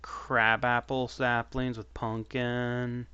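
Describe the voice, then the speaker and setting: A man's voice: medium pitch, flat delivery, slow, pushed and bright, smooth, no echo, lo-fi sound. A man in his thirties casually commenting on his own gameplay, chatty and laughing often. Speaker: streamer. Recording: noisy livestream audio.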